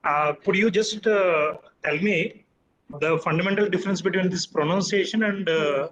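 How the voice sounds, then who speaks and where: Bright-voiced man asking deferentially. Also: sits high, normal speed, muffled recording, a little hiss or hum. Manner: deferential, many fillers. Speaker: session participant. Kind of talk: online training session question.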